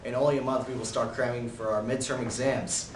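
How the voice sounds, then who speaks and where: A teenage boy anchoring a school news show, introducing segments briskly, recorded with a distant echoing mic. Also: mid-range voice, little pitch movement, slight background noise. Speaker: student anchor.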